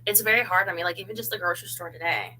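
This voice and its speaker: A woman with a fairly low pitch races through a casual livestream, her tone pushed and bright, over slight background noise on a rough recording. She unboxes and looks through clothes, chatty and giggly, full of fillers like "um" and "you know."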